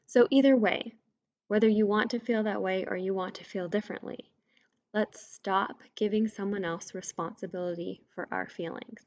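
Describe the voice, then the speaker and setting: A woman's voice: medium pitch, fairly even intonation, normal speed, a little mellow. A woman talks straight to her listeners in a solo podcast, explaining ideas plainly and landing hard on the points that matter. Her voice sits in a middle register. The recording is a little dull and muffled. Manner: direct, conversational, emphatic on key points. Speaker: podcast host, mindset coach. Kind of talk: scripted solo podcast teaching.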